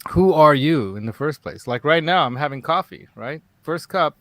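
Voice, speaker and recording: A man's voice: a little high, expressive, moderate pace, a bit bright, dry recording. A man hosting a casual live talk show, rambling and digressive and laughing often. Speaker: host. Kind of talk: casual livestream chat.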